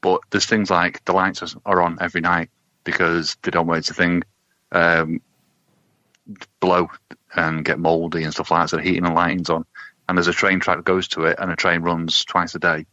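A man's voice: low-pitched, flat delivery, moderate pace, bright, forceful tone, no echo. A man co-hosting a podcast, telling stories in a laid-back, wry way with lots of swearing. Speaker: podcast co-host. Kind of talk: casual chat. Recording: dull lo-fi podcast audio.

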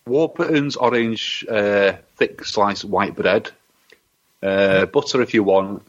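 A man co-hosting a podcast, reacting loudly and swearing. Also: lowish voice, slow pace, muffled recording. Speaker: podcast co-host. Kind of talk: crude banter.

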